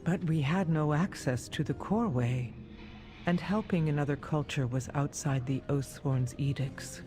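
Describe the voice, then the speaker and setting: Male actor as a grave fantasy game warrior, measured, slightly high, music behind. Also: close to an everyday voice. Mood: solemn.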